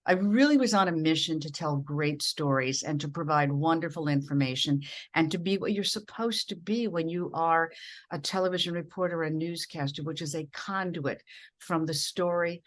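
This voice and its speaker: Low-voiced earnest woman from Minnesota. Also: normal speed. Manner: earnest, emphatic storyteller. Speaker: guest, veteran TV news journalist. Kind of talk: conversational interview storytelling.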